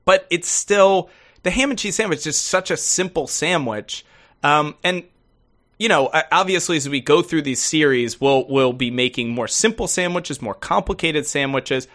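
A man co-hosting a podcast in casual chat, rambling with many halting restarts. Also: on the high side, a bit bright. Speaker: podcast co-host.

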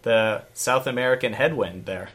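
Bright-voiced man reading aloud. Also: medium pitch, normal speed. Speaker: podcast host. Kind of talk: reading a listener note aloud.

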